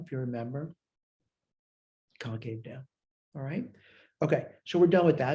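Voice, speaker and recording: A man with a mellow, darker tone walks through a math lecture step by step. He thinks aloud and checks his own work as he goes. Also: medium pitch. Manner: talks through worked steps aloud, self-checking. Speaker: math instructor.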